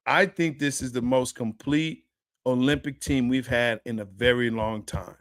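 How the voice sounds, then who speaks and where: A man's voice: medium pitch, fairly even intonation, unhurried, no room sound, studio quality. A man co-hosting a sports show, in a casual, joking, trash-talking chat with laughs. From Dallas area. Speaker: sports podcast co-host.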